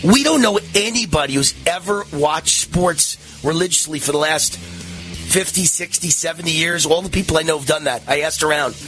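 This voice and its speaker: A man's voice: fairly high pitch, moderate pace, a bit bright, soft background music. A man in his sixties hosting a political talk radio show, combative and mocking, his voice rising into sing-song taunts. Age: 60s.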